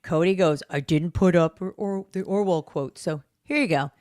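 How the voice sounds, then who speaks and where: Blunt, lower-voiced podcast co-host woman. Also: normal speed, a little mellow, no room sound. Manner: blunt, swears, laughs easily. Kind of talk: casual rant chat.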